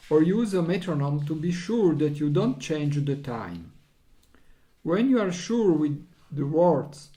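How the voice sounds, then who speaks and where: A man teaches recorder in a calm, unhurried way. His voice sits a bit high and he takes his time over every phrase, breaking rhythms into simple counted syllables. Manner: patient, counts beats and chants rhythm syllables. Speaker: music teacher. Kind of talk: recorder lesson.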